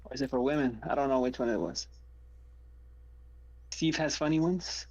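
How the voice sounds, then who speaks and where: A man's voice: mid-range voice, normal speed, long pauses, a little mellow, highs cut off. A man chatting casually on a live stream, rambling through asides and reading jokes out.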